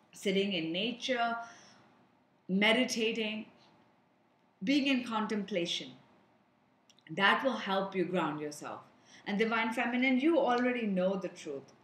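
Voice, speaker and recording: A woman's voice: fairly high pitch, reverberant, poor audio. A woman giving an earnest spiritual energy reading, advising the viewers directly as she talks to them. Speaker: energy reader and healer.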